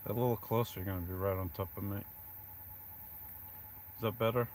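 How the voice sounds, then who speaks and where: Male vlogger, low-pitched, hushed casual chat into a close phone, faint background noise. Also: steady tone, a little fast. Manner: talks quietly, keeping his voice down. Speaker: vlogger live-streaming. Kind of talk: casual live stream chat. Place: inside a van on a rainy night. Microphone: phone propped close.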